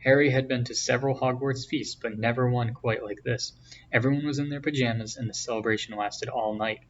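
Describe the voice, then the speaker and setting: A man's voice: mid-range voice, fairly quick. Man reading a novel from afar. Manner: steady, plain storytelling. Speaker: reader. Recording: distant, dull, faint hiss.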